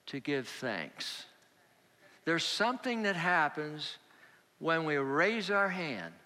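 Male pastor, slightly high bright voice, unhurried storytelling sermon in a reverberant church. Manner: slow, storytelling, acts out dialogue.

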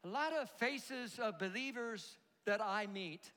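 A man preaching a sermon as pastor, animated, leading the congregation in call-and-response. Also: sits high, measured pace, a crowd in the background, noisy background. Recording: long hall reverb.

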